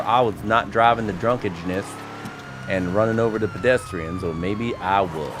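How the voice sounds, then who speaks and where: A man's voice: lowish voice, wildly swooping pitch, moderate pace, noisy background. A man chatting casually and joking at himself while he plays a video game. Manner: chatty, jokey, self-mocking. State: playing a tipsy character. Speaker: gaming streamer. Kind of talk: casual gameplay commentary.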